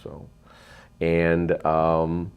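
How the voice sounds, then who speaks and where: Middle-aged man, very low voice, emphatic rambling storyteller. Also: monotone, drawn-out words, clean tone, phone-quality sound. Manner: rambling, emphatic, frequent ums and uhs. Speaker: real estate investor, guest. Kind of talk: storytelling interview.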